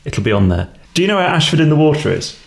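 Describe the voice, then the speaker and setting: A man's voice: fairly high pitch, big pitch swings, quick pace, gravelly. A man who produces a gardening podcast, reading out listener questions with dry jokes. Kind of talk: casual chat. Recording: roomy echo.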